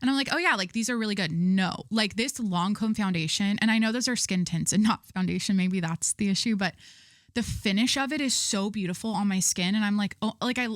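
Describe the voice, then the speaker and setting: A woman's voice: mid-range voice, fairly quick, no echo, studio quality. A young woman hosting her own podcast, telling stories in a rambling, chatty way full of fillers. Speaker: podcast host. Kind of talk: casual chat.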